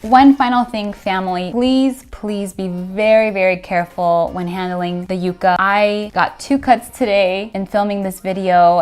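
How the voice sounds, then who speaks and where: A woman hosting her own cooking channel from a home kitchen, speaking in a chatty, gushing way. Her voice sits at an ordinary middle pitch for a woman. Soft background music plays under her talk. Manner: effusive and chatty, lots of "like" and "you know"; gushing and grateful toward viewers. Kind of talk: casual cooking vlog sign-off.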